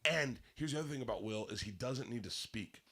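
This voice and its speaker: A man telling a long story on a podcast, profane and animated, swinging between loud excited bursts and low hushed asides. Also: fairly quick, slightly rough. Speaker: comedian guest telling a story.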